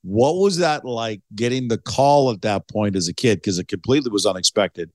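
A man's voice: lowish voice, moderate pace, no echo. Easygoing male podcast host, dry sound. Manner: easygoing, sets up questions at length. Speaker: podcast host and hockey analyst. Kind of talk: conversational interview.

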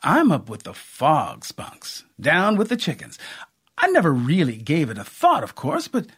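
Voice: mid-range voice, huge pitch swings, a little slow, slightly rough, pitched above the performer's own voice, exaggerated voice. A reader voicing a shrewd, plainspoken rural aunt who talks in folksy speech with double negatives, in a storybook reading. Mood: musing. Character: plainspoken rural aunt, middle-aged woman, warm and shrewd.

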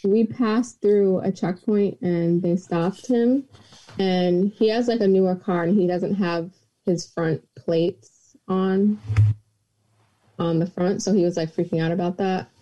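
A woman's voice: lowish voice, fairly even intonation, takes it slowly, mellow, lo-fi sound. A young woman in casual podcast chat, telling a story in a loose, rambling way full of "like" and "um".

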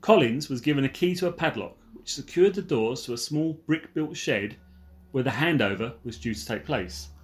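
A man's voice: medium pitch, expressive, normal speed, faint music behind. Wry man co-hosting a true-crime podcast. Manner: wry, jokey asides. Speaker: podcast co-host. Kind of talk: casual true-crime chat.

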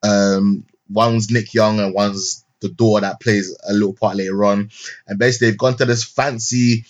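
A man's voice: on the low side, fairly even intonation, normal speed, muffled recording. A young man, co-hosting a podcast in casual chat, rambling with lots of fillers, restarts and street slang. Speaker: podcast co-host. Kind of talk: casual chat, film review. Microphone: remote call mic.

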